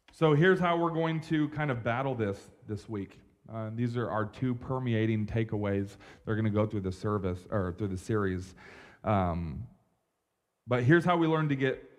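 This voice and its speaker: Young male pastor, mid-pitched, preaching a sermon from a church stage; animated, conversational delivery with slang and asides.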